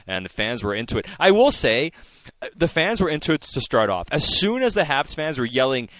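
A man's voice: mid-range voice, big pitch swings, fairly quick, fairly bright tone, dry recording. A man co-hosting a post-game hockey talk show and reading listener messages in an easygoing way. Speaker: sports podcast co-host.

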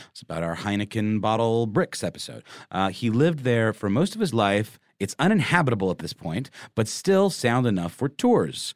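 A man's voice: fairly low pitch, no echo, studio quality. A man co-hosting a podcast, bantering and teasing in a playful, joking way. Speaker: podcast co-host. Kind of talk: casual banter.

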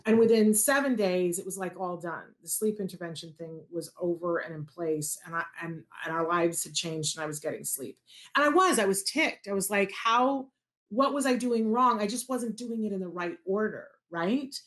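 A woman, a parent of an autistic child, telling a personal story and acting out the dialogue in a lively way. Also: fairly low pitch, moderate pace. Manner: animated, acts out quoted dialogue.

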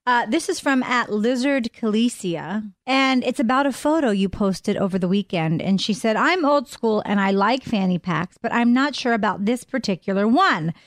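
A woman's voice: on the high side, animated, moderate pace, hardly any pauses, dry recording, clean studio sound. A woman co-hosting a radio show, chatty and laughing easily as she reads tweets and shares tips. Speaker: radio co-host. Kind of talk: casual radio banter. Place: dry radio studio. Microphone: studio mic.

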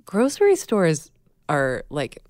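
A woman's voice: deep voice, wildly swooping pitch, takes it slowly, darkish tone, no room sound, studio quality. A woman co-hosting a podcast, wry and amused, chatting casually and laughing often. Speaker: podcast co-host. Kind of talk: casual chat.

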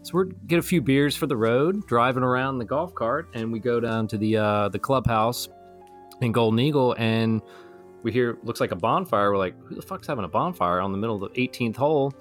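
A man's voice: medium pitch, fairly quick, faint music behind. Rambling young man telling a story. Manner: rambling, animated, acts out friends' lines. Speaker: storyteller in a truth-or-lie game. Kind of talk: casual storytelling among friends. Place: Florida.

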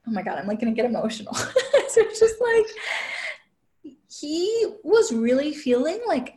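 Bubbly higher-voiced woman telling a story. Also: moderate pace, long pauses. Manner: chatty, heavy use of "like" fillers; quotes herself and others in lively asides. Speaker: podcast guest, relationship coach. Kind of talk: casual storytelling.

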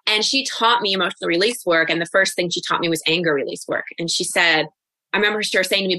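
As a guest coach on a podcast, a woman in her forties speaks reflectively and candidly, tossing in quick asides. Her voice is bright yet somewhat low, captured close on the mic in a dry recording.

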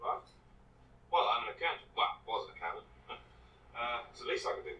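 A man's voice: mid-range voice, animated, fairly quick, sharp tone, echoey room, far from the mic, dull audio. An actor playing a hesitant, hapless man in a TV comedy, heard from a TV clip across the room. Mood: sheepish.

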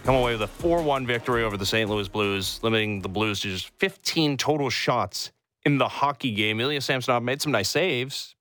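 Brisk man hosting sports radio. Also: medium pitch, a bit bright, no room sound, clean studio sound. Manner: brisk, jokey delivery. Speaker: radio host.

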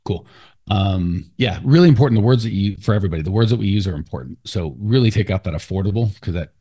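A man hosting a podcast, coaching a client in a blunt, animated way. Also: on the low side, fast talker, husky. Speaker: business coach and podcast host. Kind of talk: casual coaching talk.

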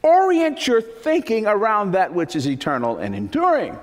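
A man preaching with a fairly high, lively voice that swoops up on his questions and repeated lines. His emphatic sermon delivery rings out with the long reverb of a large church hall. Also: normal speed, hardly any pauses. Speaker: pastor.

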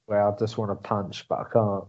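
A man's voice: fairly low pitch, flat delivery, brisk, highs cut off, noisy background. A man, co-hosting a podcast in casual chat, laughing often and repeating himself. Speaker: podcast co-host.

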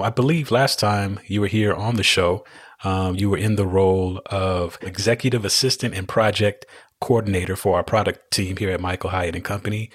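Upbeat, slightly husky man hosting a podcast. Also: on the low side. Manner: upbeat, welcoming, dry quips. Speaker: podcast host. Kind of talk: casual podcast chat.

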